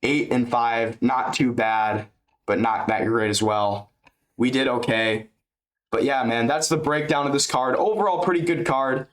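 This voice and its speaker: A man's voice: medium pitch, steady tone, unhurried. A man giving a loose, chatty fight recap on his channel, swearing and dropping man and dude, speaking into a webcam. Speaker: MMA YouTuber.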